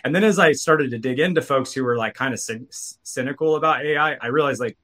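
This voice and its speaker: A man's voice: mid-range voice, a little fast, a bit bright. A man co-hosting a tech podcast in casual chat, rambling with many restarts and fillers. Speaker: podcast co-host.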